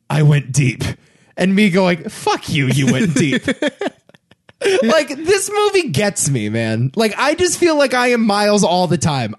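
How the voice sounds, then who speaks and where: Animated man co-hosting a movie podcast. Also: high-pitched. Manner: animated, swears freely, reads film details. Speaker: podcast co-host. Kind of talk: casual movie-talk podcast.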